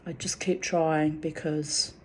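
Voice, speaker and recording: Woman spiritual vlogger, slow and dark-toned, venting bluntly and with profanity. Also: sits low, flat delivery, slight background noise. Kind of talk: emotional monologue to camera.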